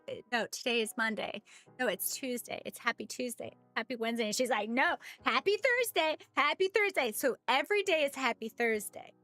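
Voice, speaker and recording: A woman's voice: fairly high pitch, fairly bright tone, no room sound. A woman chatting casually on a live stream as she paints miniatures, greeting viewers by name and laughing often.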